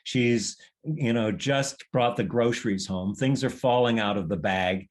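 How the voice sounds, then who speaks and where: A man's voice: mid-range voice, measured pace. Male workshop leader, conversational and reflective, meandering delivery. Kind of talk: conversational teaching session.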